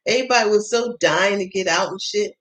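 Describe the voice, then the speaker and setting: A woman with a mid-range, slightly bright voice speaks at a quick pace on poor audio. She hosts a casual tarot livestream, bluntly telling profane stories with frequent laughter and quoting her own past remarks in acted-out voices.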